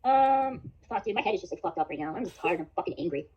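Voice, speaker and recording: A woman's voice: fairly low pitch, animated, fast, dark tone, slightly rough, dull audio. A young woman streaming live, ranting angrily at her chat and swearing constantly. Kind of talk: angry livestream rant.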